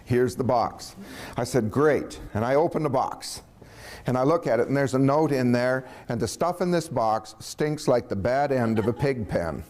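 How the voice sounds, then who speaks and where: A man spinning a long personal anecdote in an easy, conversational way. He chuckles often and slips into different voices when he quotes people. His voice sits at an average pitch for a man. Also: normal speed. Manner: animated storytelling, chuckling, acting out quoted voices. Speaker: storyteller. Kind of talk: casual anecdote telling.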